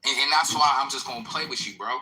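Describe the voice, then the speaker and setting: A man's voice: medium pitch, quick pace, pushed and bright, slight background noise, low-quality recording. A man in a heated audio chat room, taunting and cursing aggressively. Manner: aggressive, taunting, heavy profanity.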